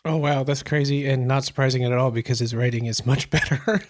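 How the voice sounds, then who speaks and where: Male podcast co-host, mid pitch, dry close mic, teasing banter. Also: fairly even intonation, fairly quick, dry recording. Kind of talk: casual chat.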